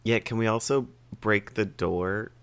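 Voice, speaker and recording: A man's voice: lowish voice, a little slow, clean tone, no room sound. A man playing a tabletop game, talking casually in rambling asides and swearing now and then. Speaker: player.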